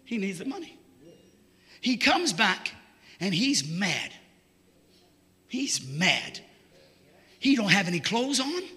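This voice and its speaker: A man preaching a sermon to a church, folksy and joking, rising often into shouts. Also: high voice, sing-song, takes it slowly, pauses often, big-room sound.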